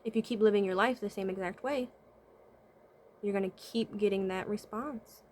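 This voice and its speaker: Speaking at normal speed with fairly even intonation, this woman has a medium-pitched, somewhat dark voice, and a little hiss or hum sits under the recording. She's a vlogger and spiritual consultant giving relaxed life advice to camera, dropping rhetorical questions and "right?" check-ins. As she thinks out loud, she frequently murmurs "mm-hmm."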